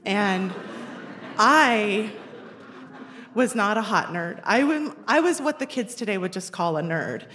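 A woman of forty telling a personal story at a live show, wry and self-deprecating with lively comic timing. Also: mid-range voice, slow pace, long pauses. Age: 40s. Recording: roomy echoey venue sound.

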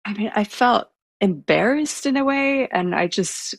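A soft-spoken woman telling a personal story in a casual interview, hesitant and full of fillers. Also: mid-range voice, animated, measured pace, a little hiss or hum. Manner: self-described introvert.

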